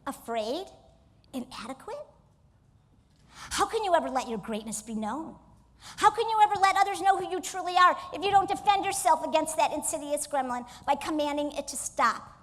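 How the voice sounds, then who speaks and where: Woman motivational speaker, high voice, energetic keynote in a reverberant hall. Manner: energetic, coaxes the audience to join in. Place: stage in a large hall.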